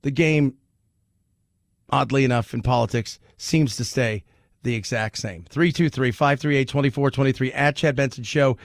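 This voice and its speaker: Middle-aged guy doing talk radio, gravelly, blunt and sarcastic, dry close mic. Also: mid-range voice, normal speed, dry recording. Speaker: radio talk show host. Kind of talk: opinionated talk radio monologue. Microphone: studio mic.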